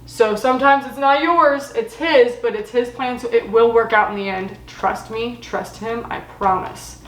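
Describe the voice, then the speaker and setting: A woman from Florida, hosting a casual storytelling vlog in a chatty, animated way, acting out her own quotes. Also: fairly high pitch, a little slow, reverberant, recorded from a distance, low-quality recording. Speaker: host.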